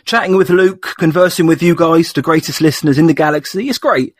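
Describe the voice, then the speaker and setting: A man's voice: a little high, fairly quick, no echo, clean studio sound. A man hosting a podcast, giving a playful, hyped show introduction. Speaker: podcast host.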